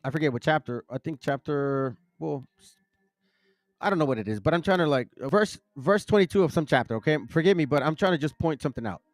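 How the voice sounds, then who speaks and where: A man's voice: on the high side, animated, quick pace, dry recording. Man teaching scripture in a dry, close sound. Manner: rambling, self-correcting, stumbles over names. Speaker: bible teaching channel host. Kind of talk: casual religious teaching and scripture reading.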